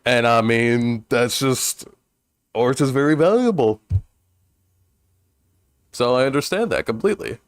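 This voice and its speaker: A man's voice: medium pitch, lively intonation, normal speed, pauses often, no room sound, studio quality. A male streamer chatting casually during a game, rambling with restarts and frequent chuckles. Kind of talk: casual let's-play chat.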